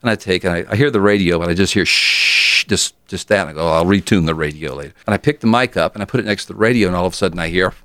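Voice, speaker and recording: An older man, telling radio stories in an interview and acting out the voices with big jumps in pitch. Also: racing, few pauses, no room sound. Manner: animated storyteller, acts out voices and jumps in pitch when excited. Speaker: interview guest, former radio DJ. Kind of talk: casual storytelling interview.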